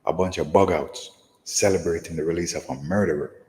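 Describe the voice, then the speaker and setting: Male preacher, very low voice, emphatic lesson delivery, reverberant hall sound. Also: brisk, darkish tone. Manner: emphatic, repeats "right?" often. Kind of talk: scripture lesson.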